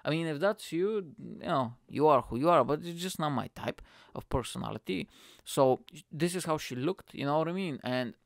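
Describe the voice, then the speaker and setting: A man's voice: on the high side, animated, moderate pace, vocal fry, dry recording. Young comedian guy on his podcast, impulsive and sweary, dead dry room. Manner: impulsive, profane, rambling, lots of fillers. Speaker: stand-up comedian and podcast host. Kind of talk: casual storytelling chat.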